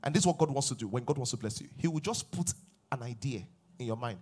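A man preaching a sermon as pastor, swinging from loud exhortation to hushed asides. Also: mid-range voice, expressive, fast.

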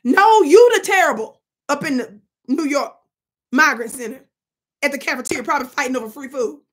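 A woman's voice: sits high, expressive, a little fast, a bit bright. A middle-aged woman giving emphatic, casual commentary to camera, talking straight to her viewers. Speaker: political commentary vlogger.

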